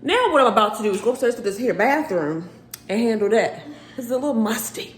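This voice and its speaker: A pregnant young woman films a casual clean-with-me vlog in her bathroom at home, talking straight to viewers in a fairly high, animated voice that runs a little fast. She sounds out of breath, and the room is echoey with faint background noise.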